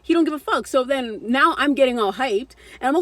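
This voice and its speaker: A young woman with a somewhat high voice tells a story on her vlog. She is animated and blunt, swears freely, and acts out the other people in the story. Her delivery is casual and conversational. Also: a little fast, hardly any pauses, dry recording. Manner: animated, blunt and profane, acting out what others said. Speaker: vlogger.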